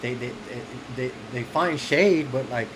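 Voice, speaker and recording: A man's voice: medium pitch, unhurried, noisy background. A man co-hosting a podcast in casual chat, using loose slang, laughing often and acting out quoted lines. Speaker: podcast co-host.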